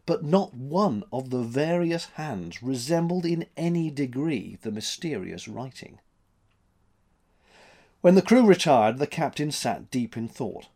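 A man reading a story aloud as narrator, in an expressive, dramatic manner. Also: mid-range voice, a little slow.

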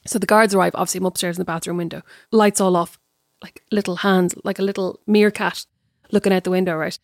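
Fast-talking Irish woman, podcast co-host. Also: lowish voice, no echo, clean studio sound. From Ireland. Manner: lively storytelling, animated. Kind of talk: casual chat.

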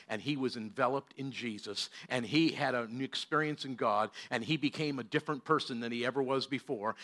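An older man, a pastor, telling a story in a sermon and moving between loud bursts and hushed passages. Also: mid-range voice.

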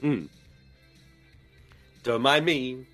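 A man with an Australian accent co-hosting a podcast, giving energetic, joking watch-along commentary and laughing often. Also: medium pitch, very slow, faint music behind. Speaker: podcast co-host.

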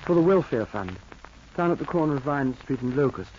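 A meek, stammering suitor, played by a man in an old radio play, halting and restarting as he speaks. His voice is mid-pitched. The broadcast is muffled, with a faint hiss. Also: animated, darkish tone, lightly acted. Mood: shy, earnest. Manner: hesitant and stammering, many restarts. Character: meek, shy male con man courting a lonely woman. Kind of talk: 1940s radio acting.

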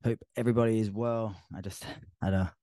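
Australian man, low voice, casual solo podcast, rambling with ums, dry close-miked sound. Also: a little fast, dry recording. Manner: relaxed, rambling, with frequent ums and restarts. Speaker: fitness coach podcast host.

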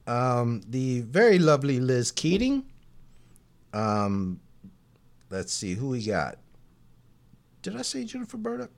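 A man co-hosting a podcast in casual chat, teasing his partner and drawing out name shout-outs. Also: mid-range voice, big pitch swings, slow, creaky, pauses often. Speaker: podcast co-host.

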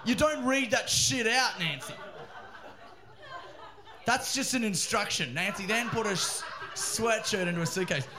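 A man, a comedian, telling a funny story in a loud, laughing, swearing riff. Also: high voice, a little slow, long pauses, background noise. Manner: animated, laughing, swearing, riffing. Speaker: comedian podcast guest. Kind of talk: comic storytelling.

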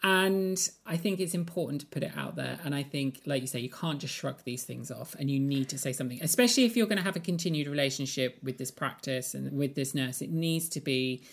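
A woman co-hosting a podcast, assertive and quick to laugh. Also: very deep voice, vocal fry. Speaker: podcast co-host. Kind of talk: casual podcast chat.

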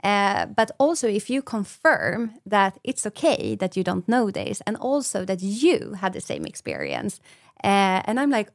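A woman's voice: medium pitch, wildly swooping pitch, a little slow, gravelly, dry recording. Woman, dry close sound. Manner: explanatory, acts out little dialogues. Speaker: brain specialist guest. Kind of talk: podcast interview.

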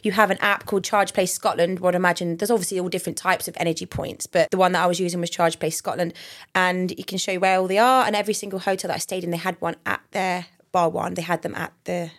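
A woman's voice: fairly low pitch, flat delivery, fast, a bit bright. A woman from England co-hosting a podcast in a chatty, casual way, laughing often and swearing freely. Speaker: podcast co-host. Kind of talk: casual chat.

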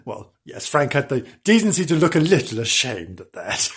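A man's voice: mid-range voice, very animated, normal speed, a bit bright, breathy edge. A man reading a children's story aloud as a comedy host, breaking off for mocking asides.

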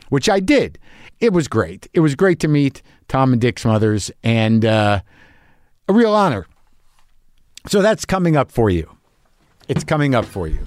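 A man's voice: medium pitch, a little mellow, no echo, clean studio sound. A middle-aged man hosting a podcast, talking in a profane, anxious, rambling casual monologue. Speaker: podcast host.

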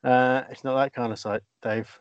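A man's voice: mid-range voice, flat delivery, moderate pace, dry recording. A man co-hosting a podcast, chatting in casual banter with many fillers and restarts. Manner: jokey, hesitant with fillers. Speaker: podcast co-host. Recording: dull lo-fi sound.

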